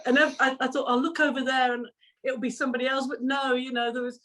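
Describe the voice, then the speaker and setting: A middle-aged woman, a singer excitedly recounting a memory with frequent laughter. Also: sits high, a little fast, rough recording. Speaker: singer guest. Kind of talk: casual storytelling.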